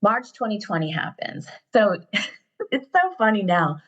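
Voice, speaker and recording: A woman's voice: mid-range voice, big pitch swings, unhurried, breathy edge, muffled recording. A middle-aged woman chatting as a podcast guest, telling stories animatedly with many fillers and acting out the people she quotes. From United States. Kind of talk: casual storytelling chat.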